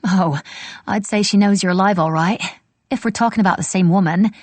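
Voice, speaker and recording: A woman voicing a brisk, sharp-tongued young woman who talks in a quick, teasing, blunt way. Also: mid-range voice, no room sound, lightly acted.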